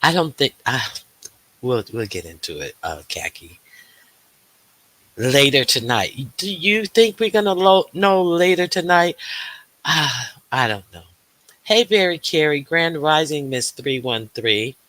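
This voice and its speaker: Slow-talking man hosting a livestream. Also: a little high, expressive, a bit bright, no room sound. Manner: greets viewers by name, chatty with many fillers. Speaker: livestream host. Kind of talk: casual livestream chat.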